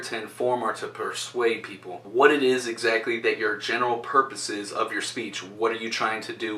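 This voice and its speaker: A man giving an instructional talk on presentation skills, speaking directly and shifting his loudness for emphasis. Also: lowish voice, slight background noise. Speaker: presentation coach. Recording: roomy sound from a distance.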